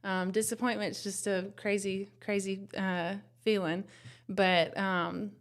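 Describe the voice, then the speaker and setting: A young woman, telling her story as a new mother in a soft, tender, rambling way. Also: medium pitch, flat delivery, slow pace. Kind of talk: casual personal testimony.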